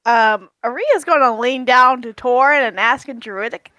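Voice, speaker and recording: A tired woman playing a tabletop game, talking in halting, self-correcting bits. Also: fairly high pitch, bright, forceful tone, dry recording. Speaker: player. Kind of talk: casual tabletop chat.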